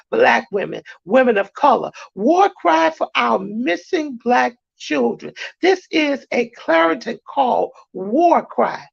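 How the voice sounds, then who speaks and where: A woman's voice: fairly high pitch, creaky, husky, no room sound, dull audio. A woman host who speaks in a declamatory, preaching way, chanting a repeated refrain. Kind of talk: spoken-word preaching and show talk. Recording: loud music bed under voice. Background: loud music.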